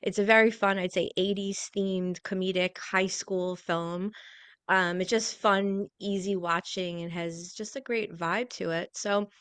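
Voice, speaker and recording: A woman's voice: medium pitch, fairly even intonation, a little slow, a bit bright, clear, resonant tone, no echo. A woman hosting a radio interview, chatty and enthusiastic, with frequent "like" fillers, in a radio studio. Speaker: radio show host. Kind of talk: casual interview chat.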